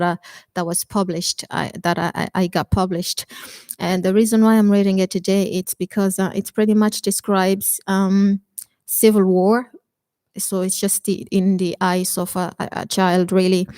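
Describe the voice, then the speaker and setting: A woman from Congo who is a poet, giving hesitant introductions and then reading her verse slowly and deliberately. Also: on the low side, darkish tone, no room sound. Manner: hesitant, halting introductions full of "um". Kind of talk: poetry reading with spoken introductions.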